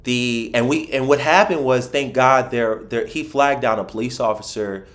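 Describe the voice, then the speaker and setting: Podcast guest: a man from Philadelphia telling his life story, mid-pitched, animated, lots of restarts. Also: moderate pace. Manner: animated storyteller, acts out what others said, frequent restarts. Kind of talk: personal storytelling in a podcast interview.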